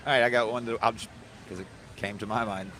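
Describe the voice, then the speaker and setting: A man's voice: lowish voice, fairly even intonation, fast talker, noisy background. A man hosting a casual podcast chat, rambling through questions and jokes. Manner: rambling, tells jokes with put-on voices. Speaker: podcast host asking questions.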